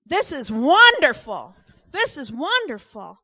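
An overjoyed teenage boy, high-pitched and loud, gushing and repeating himself, as a woman storyteller acts him out. The voice sits close and dry, with no room sound around it. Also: lively intonation, a little slow, no room sound, heavily acted. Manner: breathless, exclaiming, repeating himself. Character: excitable sixteen-year-old boy, big, overjoyed.

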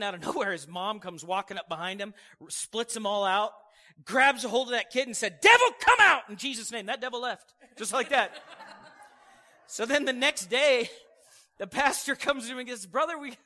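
A male pastor preaching a sermon, telling stories with energy and calling out "amen" to his congregation. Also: high-pitched. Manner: storytelling, animated, calls "amen" to congregation. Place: church sanctuary.

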